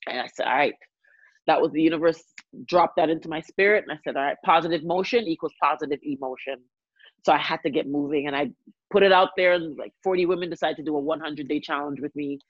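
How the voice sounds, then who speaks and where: Heartfelt, expressive middle-aged woman. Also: sits low, fast talker, dry recording, highs cut off. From Canada. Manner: heartfelt, expressive, swings between soft and loud. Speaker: podcast guest, singer. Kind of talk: emotional podcast conversation.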